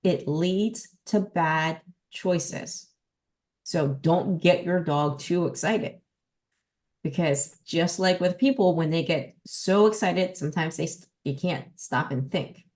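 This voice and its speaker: Woman, New Jersey accent, dog trainer podcast host, lower voice, emphatic teacher. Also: unhurried. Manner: emphatic, lively teaching delivery. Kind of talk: casual podcast talk.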